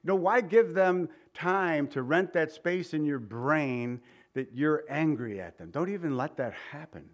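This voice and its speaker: A pastor preaches a sermon, swinging from loud emphasis to soft, quiet lines and putting direct questions to the congregation in a conversational way. His voice is fairly high, his intonation lively, and his pace a little slow.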